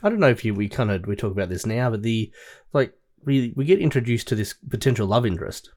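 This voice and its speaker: A man's voice: fairly low pitch, animated, fast, darkish tone. A man co-hosting a casual film podcast, rambling with many fillers as he talks about music. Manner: rambling, lots of "like" and "you know". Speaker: podcast co-host.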